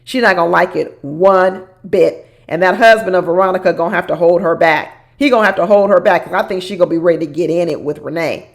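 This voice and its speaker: A woman giving casual, animated recap commentary on a reality show, dramatic and laughing as she talks. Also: fairly low pitch, fast talker, few pauses.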